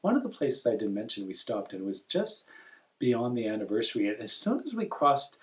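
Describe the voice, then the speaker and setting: A man from northern Ontario chatting casually, telling lively, rambling stories full of self-corrections. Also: medium pitch, brisk, far from the mic. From northern Ontario, Canada. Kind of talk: casual chat.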